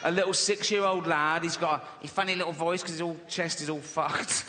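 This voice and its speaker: A man's voice: on the high side, steady tone, moderate pace, a little hiss or hum. A man doing a stand-up routine, ranting with mock outrage and heavy swearing. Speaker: stand-up comedian. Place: large theatre on stage. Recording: echoey hall with loud audience laughter.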